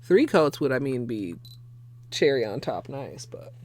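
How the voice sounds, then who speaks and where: With a rumbling low, sing-song, darkish voice, a young woman talks a little slowly during a casual manicure livestream. Chatty and profane, she laughs often and thanks viewers.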